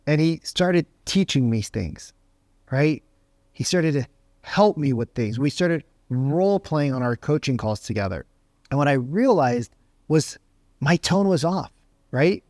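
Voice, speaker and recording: A man coaching real estate agents on sales calls, energetic and conversational, often checking in with "right?". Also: on the high side, no room sound, clean studio sound. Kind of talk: motivational sales teaching to camera.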